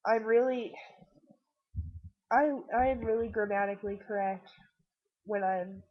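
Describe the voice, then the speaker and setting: A woman's voice: medium pitch, fairly even intonation, a little slow, highs cut off. A woman who is sick, talking in a rambling, self-deprecating, earnest way straight to the viewer through her computer's webcam. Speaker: vlogger.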